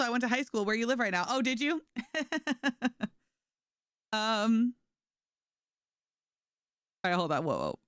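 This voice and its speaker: A woman's voice: on the low side, smooth, no echo, clean studio sound. A young woman streamer in casual chat, telling stories to her stream chat and acting out the voices of the people in them. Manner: animated, acts out quoted voices, laughs often. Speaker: gaming streamer.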